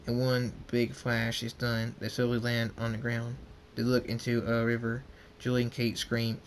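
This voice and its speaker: A man of middling pitch reads a homemade story aloud, stumbling and restarting over words. His voice is plain, with a faint hiss beneath it. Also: completely flat delivery. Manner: halting, with restarts and slips. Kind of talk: reading homemade fan fiction aloud.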